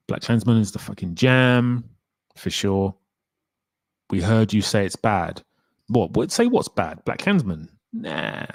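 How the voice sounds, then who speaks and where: A man with a fairly low voice chats casually on a livestream, answering questions from his audience. He rambles a little and laughs easily. The sound is close and dry. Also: dry recording. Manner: relaxed, rambling, laughs often. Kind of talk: casual chat.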